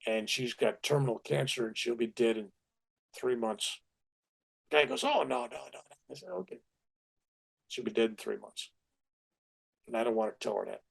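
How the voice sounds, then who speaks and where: Older male storyteller, gravelly low-key voice, lively acted-out quotes, conversational. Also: normal speed, long pauses. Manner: animated anecdotes with acted-out quotes. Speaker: spiritual teacher.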